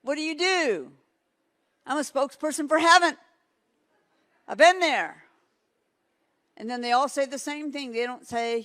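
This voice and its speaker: A woman preaching a sermon, telling stories in an animated way and laughing now and then. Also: high-pitched, unhurried, long pauses, no room sound. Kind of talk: sermon with storytelling.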